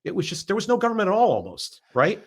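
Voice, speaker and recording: A man's voice: high-pitched, wildly swooping pitch, quick pace, breathy edge. A man hosting a political podcast, sarcastic and emphatic, often repeating words as he builds a point. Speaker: podcast host. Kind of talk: political commentary chat.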